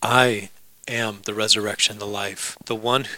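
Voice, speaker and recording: A man's voice: fairly low pitch, little pitch movement, a little slow, bright, forceful tone, no room sound, low-quality recording. A man preaching a sermon in a conversational way, with jokes and asides to the congregation. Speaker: pastor.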